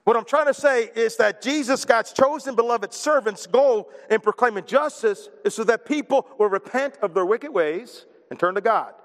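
A man with a notably high voice delivers a sermon as a pastor. He is animated and keeps turning to his listeners with questions. The sound carries a long reverb, as in a church hall. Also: normal speed, hardly any pauses. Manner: animated, asks the congregation questions.

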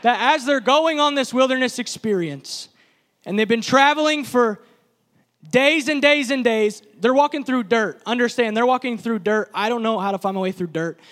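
A man's voice: very high-pitched, moderate pace, a bit bright. A man preaching a sermon at a church service, speaking with passion in repeated, building phrases.

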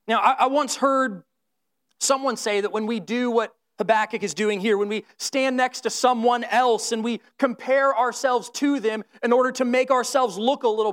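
Preacher, sermon delivery, middle pitch, plain and conversational, grows fervent on key points. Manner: conversational and earnest, with tag questions.

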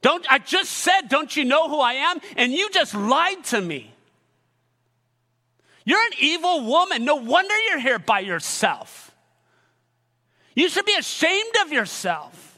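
An outraged, accusing man berates a woman in a high, piercing, cutting voice, as a preacher acts him out. His shouts ring through the long reverb of a large hall. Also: very animated, a little slow, long pauses, full character voice. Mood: indignant.

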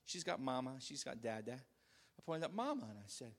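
A man in his thirties preaching a sermon to a congregation in a church, animated and shouting out quoted calls. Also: medium pitch, moderate pace. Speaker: pastor.

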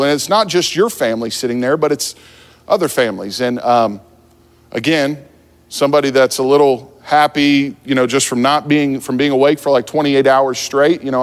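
A man from New Jersey preaching a sermon, telling a funny story about himself in a relaxed, conversational way from the pulpit. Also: mid-range voice. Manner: humorous, self-deprecating, conversational. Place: church sanctuary at the pulpit. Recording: long church hall reverb.

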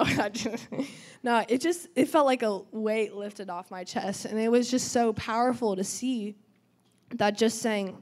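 A woman's voice: a little high, measured pace, darkish tone. A teenage girl giving a church testimony in a chatty way, full of "um" and "like," acting out quoted dialogue. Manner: chatty, lots of "um" and "like", acts out quotes. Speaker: youth testimony speaker.

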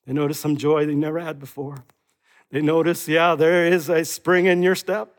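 Man, pastor, sermon, high voice, rhetorical questions, long hall reverb. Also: normal speed. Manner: animated preaching, rhetorical questions, acts out voices.

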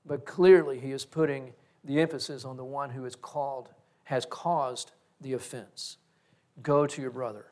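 A man's voice: mid-range voice, steady tone, normal speed, darkish tone. A middle-aged male pastor giving a reflective, story-driven sermon.

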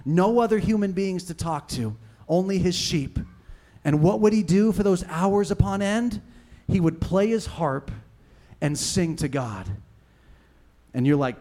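A male pastor preaching a sermon, swinging between fervent loud passages and hushed, intimate ones. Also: sits high, big pitch swings, measured pace.

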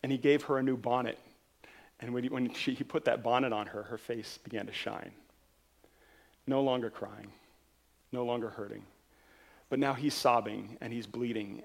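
Gravelly-voiced pastor telling a parable. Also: male voice, mid-range voice, steady tone, normal speed. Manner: earnest, retelling a parable with rising and falling intensity. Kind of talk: sermon storytelling.

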